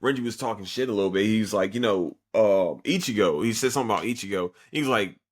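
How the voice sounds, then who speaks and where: A man hosting a podcast, casually reviewing an anime with a profane, excitable retelling full of fillers. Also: on the low side, fast talker. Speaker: podcast host.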